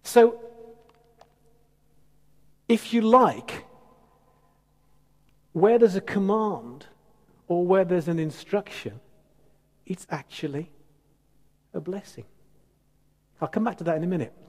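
A man preaching a sermon as pastor, emphatic and animated with conversational asides. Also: high voice, slow, pauses often, husky. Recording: long church hall reverb.

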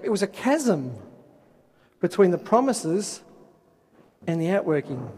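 Guy preaching a sermon, high voice, kinda husky, big hall echo. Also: warm tone. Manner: expository, rhetorical questions, reads scripture aloud. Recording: long hall reverb.

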